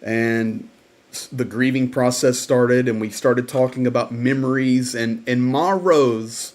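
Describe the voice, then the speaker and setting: A man's voice: mid-range voice, fairly even intonation, takes it slowly, darkish tone. A man hosting a livestream update who tells events in an earnest, storytelling way. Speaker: host.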